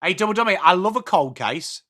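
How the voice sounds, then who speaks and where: A young English man hosting a live football watchalong, chatting excitably with viewers and calling out plays. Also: high-pitched, brisk. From England. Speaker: watchalong stream host.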